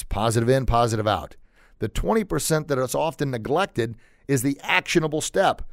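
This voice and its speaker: A man's voice: mid-range voice, no echo, clean studio sound. A middle-aged man hosting a motivational podcast, talking earnestly and repeating phrases for emphasis. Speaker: podcast host.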